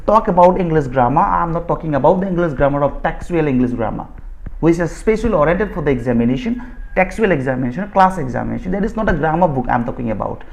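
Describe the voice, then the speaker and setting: A man's voice: a little high, expressive, fast, gravelly, a little mellow. A man from Assam with an Indian accent, a native Bodo speaker, teaching spoken English in a lecture. He talks in a repetitive, insistent way, often rewording phrases and restarting sentences. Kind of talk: explanatory lecture.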